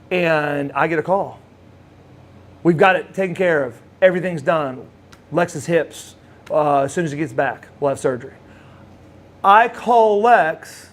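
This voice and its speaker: A man telling a personal story in casual speech, with halting restarts and lively acted-out quotes. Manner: animated, acts out quoted voices with big pitch jumps; halting restarts and repeated words. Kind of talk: casual spoken anecdote.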